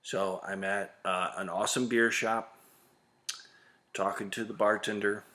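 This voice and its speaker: An exasperated man rants on his vlog with heavy sarcasm and the odd swear word. He takes his time over each line, and his slightly low voice comes out bright and forceful. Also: little pitch movement, unhurried. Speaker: vlog host ranting about liquor. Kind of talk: comedic rant to camera.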